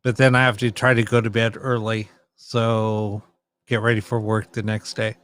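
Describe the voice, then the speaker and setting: A man's voice: lowish voice, level tone, moderate pace, fairly bright tone, clear, resonant tone. A man hosting a late-night live stream, chatting casually with his viewers and teasing back at them.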